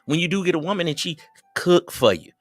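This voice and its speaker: A middle-aged man, preaching relationship advice on a livestream. His pitch swings widely, and he sits a little high for a man. The sound is dry, with faint music underneath. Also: fairly quick, no room sound. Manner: preachy, animated, quotes others in raised voices. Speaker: livestream host. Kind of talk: casual advice talk to viewers.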